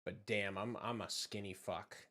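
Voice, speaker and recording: A man's voice: lowish voice, fairly even intonation, normal speed, sharp tone. A man from just south of Boston with a Boston accent, chatting in a rambling, profane, laid-back way while he draws. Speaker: channel host. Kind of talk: casual chat while drawing.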